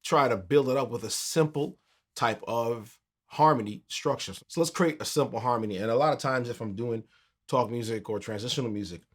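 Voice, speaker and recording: A man teaching a keyboard tutorial in a relaxed, conversational way, counting beats aloud as he plays. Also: medium pitch, brisk. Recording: piano music under the voice.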